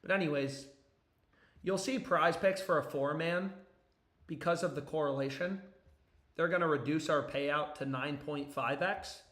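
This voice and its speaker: A young man talking casually and profanely on a live stream about sports bets, rambling and getting excited as he goes. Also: on the high side, a little slow, echoey room. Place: home basement.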